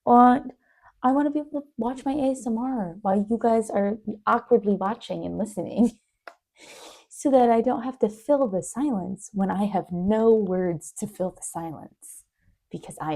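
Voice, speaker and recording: A woman's voice: medium pitch, vocal fry, dark tone. A young woman chatting sleepily through her video diary, rambling and sometimes dropping to a whisper. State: sleepy, yawning. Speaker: video diarist. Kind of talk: casual diary chat.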